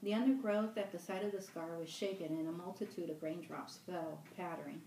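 A woman reads a novel aloud at a steady, measured pace, in a middling voice. The room is roomy and she sits back from the mic, with faint ambience behind. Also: fairly low pitch, recorded from a distance, slight background noise. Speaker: library director.

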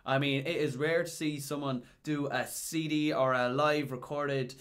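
An Irish man, a music teacher, chatting casually in a reaction video, getting excited and breaking into high exclamations. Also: unhurried. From Ireland. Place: home recording room. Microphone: headphones with a desk mic.

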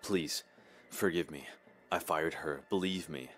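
A man's voice: a bass voice, a little slow, fairly bright tone. A man voicing a frightened, guilty husband who speaks in a shaken, pleading way over faint music. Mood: panicked.

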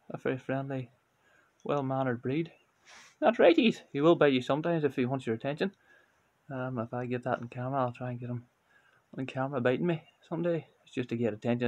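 An Irish man vlogging at home in a gentle, unhurried, chatty way, recorded on a handheld phone. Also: medium pitch, dry recording, highs cut off. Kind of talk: casual talk to camera. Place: home bedroom.

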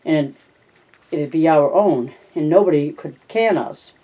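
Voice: medium pitch, a little slow, slightly rough, highs cut off. A reader voicing a weary ranch hand dreaming aloud. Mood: rapt. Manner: plain drawling rural speech. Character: rancher dreaming of owning land, a weary working man. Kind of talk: reading a novel aloud.

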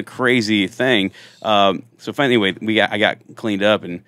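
A man in his thirties spins lively, jokey stories from his police days. He acts out every quoted line with a rising, playful voice. His voice sits a touch low and the sound is close and dry. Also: brisk, few pauses, no room sound. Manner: animated, jokey storyteller who acts out quotes. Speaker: country singer and former police officer. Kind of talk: casual storytelling in a podcast interview.

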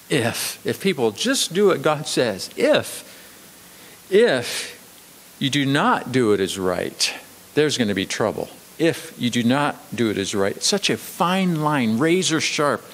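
A man pastor preaching a sermon emphatically, swinging between raised, quick delivery and slow, low emphasis. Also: long reverb tail. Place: church sanctuary.

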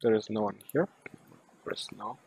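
A young man streaming a game live, talking to himself and yelling and swearing in sudden bursts at his teammates. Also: on the low side, normal speed, vocal fry, slightly rough, muffled recording. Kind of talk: live gameplay commentary.

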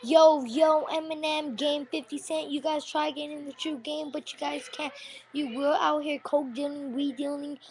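Brash, taunting high-voiced woman. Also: steady tone, normal speed. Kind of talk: mock rap diss.

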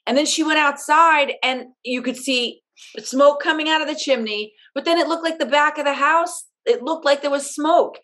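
A woman with a fairly bright voice on the high side co-hosts a casual podcast, recapping a TV episode. She chats animatedly and indignantly, acting out her own reactions.

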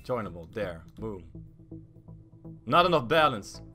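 A man giving casual, excitable commentary while betting on a game, swearing often and swinging from mumbles to yelling. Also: lowish voice, a little slow, soft background music. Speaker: gaming YouTuber.

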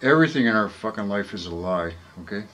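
Low-voiced man rambling profanely. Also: expressive, fast, a bit bright, slight background noise, poor audio. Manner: profane, rambling, with frequent fillers and apologies to viewers. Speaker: vlogger. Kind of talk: casual rambling monologue to camera. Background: background music.

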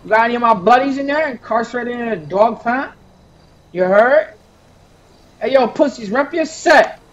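A man voicing a loud, boastful male street gang member in a game role-play, taunting in heavy street slang. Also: very high-pitched, expressive, normal speed, highs cut off. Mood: hyped taunting.

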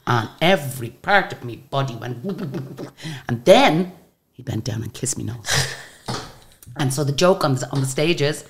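An Irish woman with a very deep voice telling lively anecdotes in a casual interview. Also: unhurried. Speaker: singer and guest.

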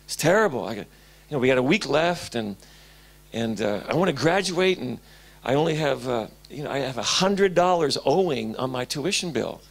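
A man playing a depressed young male Bible student who speaks in a low, heavy, downcast mumble. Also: animated, normal speed, vocal fry. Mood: dejected.

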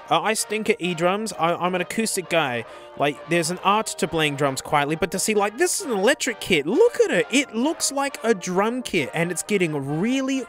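A high-pitched Australian man talking excitedly as he strolls through a music store. He gushes and drops "mate" constantly, with faint music playing behind him. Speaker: vlog host. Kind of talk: casual walkaround vlog. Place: indoor music store, walking around.

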